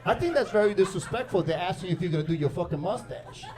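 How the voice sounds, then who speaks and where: A man's voice: sits high, lively intonation, quick pace. A man doing a stand-up comedy set, brash and profane, working the crowd. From New York. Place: comedy club with a laughing crowd. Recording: live club recording with crowd laughter.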